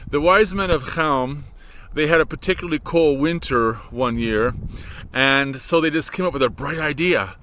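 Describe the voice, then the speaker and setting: Walking across a snowy frozen lake with a laptop as his mic, a Michigan-accented vlogger and high school worker chats in a casual, rambling way, correcting himself along the way. His voice is a little high and a bit bright at a moderate pace. The audio is poor, with slight background noise.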